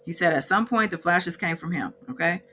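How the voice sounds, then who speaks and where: A woman's voice: lowish voice, brisk, bright, forceful tone, slight background noise. A woman vlogger casually recapping a court day from her notes, with chatty asides and frequent self-corrections.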